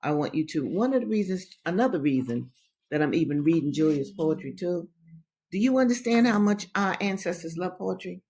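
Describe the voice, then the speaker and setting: A woman's voice: fairly low pitch, expressive, fairly quick, a little mellow, husky. A woman hosting a reading show, reading aloud and commenting, repeating phrases for stress and speaking straight to her listeners. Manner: addresses listeners directly as brothers and sisters. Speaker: host reading books to her audience.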